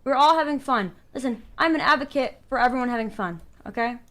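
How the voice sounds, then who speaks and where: A woman's voice: high voice, animated, quick pace, a bit bright. A woman streaming live, telling her side in a defensive, rambling way, full of fillers. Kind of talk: casual storytelling on a call.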